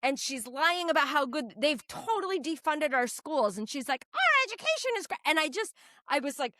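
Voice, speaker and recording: A woman from New Hampshire, a state legislator, telling stories in a blunt, profane, animated way during a casual podcast chat. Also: high voice, normal speed, dry recording, clean studio sound. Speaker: state representative guest.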